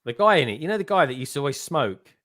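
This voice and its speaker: A man's voice: fairly high pitch, animated, fast talker, a bit bright, dry recording, studio quality. A man, a guest in a casual livestream chat, talking colloquially and laughing easily. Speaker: guest co-host.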